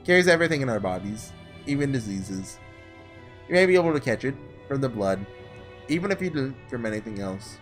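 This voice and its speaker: Man reading as a wry, dying young man in a visual novel game; quiet delivery, lively pitch, faint music. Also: a little fast, natural voice.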